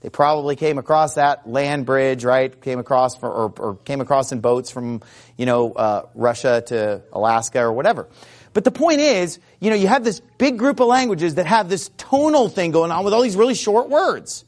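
A man giving a chatty, informal lecture to a class, animated and fond of imitating sounds. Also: a little high, normal speed. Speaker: teacher. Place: Arizona.

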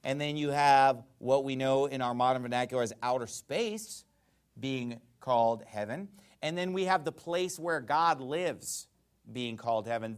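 A man's voice: medium pitch, clean tone. A man preaching a sermon in a conversational, emphatic way, asking rhetorical questions.

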